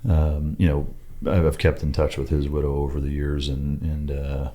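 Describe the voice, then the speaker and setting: A middle-aged man hosting a podcast, talking in a relaxed, halting way with lots of fillers. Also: extremely low pitch. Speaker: podcast host. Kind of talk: casual interview chat.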